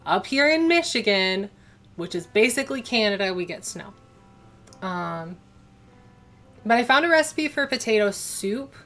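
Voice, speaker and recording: A woman's voice: medium pitch, animated, unhurried, pauses often, a bit bright, soft background music. A young woman hosting a casual cooking livestream from her home kitchen, chatting and rambling as she answers viewers' chat. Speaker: livestream host.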